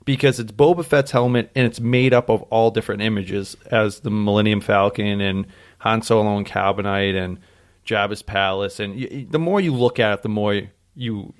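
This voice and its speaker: A man co-hosting a casual podcast chat, relaxed and a bit halting. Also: fairly low pitch. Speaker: podcast co-host.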